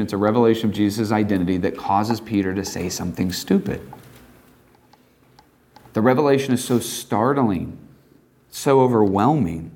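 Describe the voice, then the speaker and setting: Man preaching a lively sermon. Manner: animated, voices Peter in a high excited tone with laughs.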